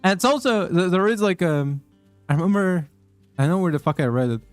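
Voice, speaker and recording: Faint game music plays as a young man gives casual commentary on his game, rambling, swearing a lot and restarting his sentences amid fillers. He has a high voice with lively intonation and a brisk pace, captured in a dry recording.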